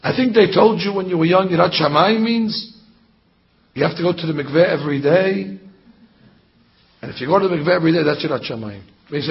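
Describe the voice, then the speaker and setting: A man giving a rabbi's sermon to a congregation, talking in an animated way and firing off mocking rhetorical questions. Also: a little high, a little fast. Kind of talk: Torah class sermon. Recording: dull lo-fi sound.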